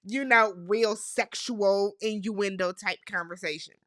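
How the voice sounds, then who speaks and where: A woman's voice: mid-range voice, a little slow, dry recording, studio quality. A young adult woman from the United States giving a casual, slangy recap of a reality show and acting out the cast's lines. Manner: chatty, animated, slangy, mimics cast members' lines. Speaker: recap vlogger.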